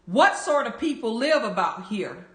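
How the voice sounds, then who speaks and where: A woman's voice: on the high side, sing-song, measured pace, fairly bright tone. A woman reading the part of a polite, curious young girl who speaks timidly. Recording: roomy echo.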